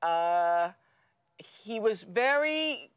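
A middle-aged woman hosting a studio talk show, telling stories in a lively way with frequent restarts. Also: mid-range voice, drawn-out words, smooth, no echo, lo-fi sound. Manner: lively and storytelling, with many restarts and laughs. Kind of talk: studio conversation with a guest. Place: television studio.

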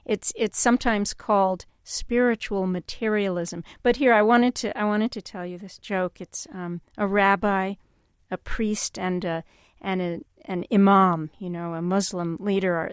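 A woman hosting a call-in radio show, speaking in a calm and reflective way and telling stories. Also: mid-range voice, moderate pace, clean tone, dry recording, studio quality.

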